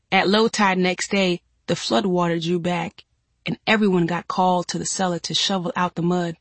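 A woman with a mid-range voice narrates a first-person audiobook in a steady, measured storytelling manner, and the recording is dry.

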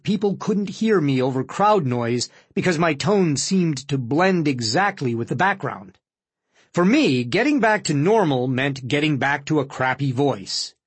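A man with a slightly nasal, husky voice reads his own memoir aloud in an earnest, measured way. His pitch rises and falls with lively movement, and the close-miked recording sounds dry, with no room around it. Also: no room sound. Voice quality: somewhat nasal. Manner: earnest, reflective, measured reading. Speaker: author narrating his own book. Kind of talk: audiobook memoir narration.

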